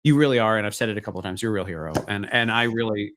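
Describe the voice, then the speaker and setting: A man's voice: on the low side, rapid-fire, a bit bright. A middle-aged man hosting a casual online talk show, chatting loosely and rambling from one thought to the next. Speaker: host. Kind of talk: casual chat.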